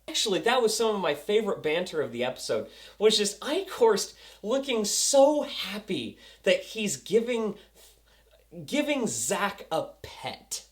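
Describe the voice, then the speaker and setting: A young man reviewing a TV episode, excitable and goofy, acting out scenes as he goes. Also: sits high, measured pace. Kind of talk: casual review vlog.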